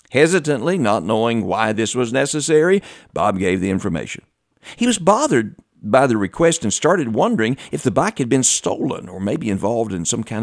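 Animated male preacher, dry close sound. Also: medium pitch, dry recording. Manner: animated, swings between loud emphasis and quiet drawn-out phrases; laughs between lines. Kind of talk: sermon with storytelling.

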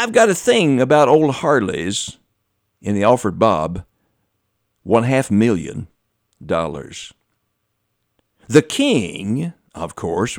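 A man preaching a sermon and telling a story, swinging from loud emphatic lines to quiet, slow, drawn-out phrases and laughing between lines. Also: mid-range voice, no echo, clean studio sound.

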